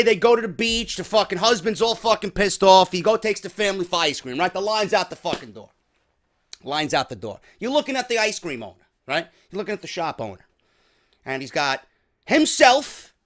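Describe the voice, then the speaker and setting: A man delivering a profane comedic rant as a vlogger. He rambles and curses freely, and his pitch swings up and down. He stays loose and animated the whole way through. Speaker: wrestling vlogger.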